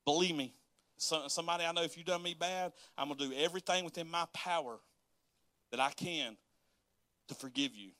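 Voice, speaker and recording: A man's voice: on the high side, brisk, pauses often, pushed and bright, no room sound. A man preaching a sermon as pastor, folksy and dialect-heavy, laughing often and acting out quotes.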